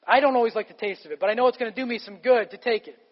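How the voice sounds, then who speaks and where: The sermon comes rapid-fire from a male pastor with a high voice, forceful yet casual in tone. His words ring with a large hall's long reverb in a somewhat muffled recording.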